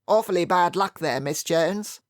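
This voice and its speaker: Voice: medium pitch, a little slow, no room sound, studio quality, close to an everyday voice. The audiobook narrator voicing a jovial old military colonel with a bluff, hearty manner. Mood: sympathetic.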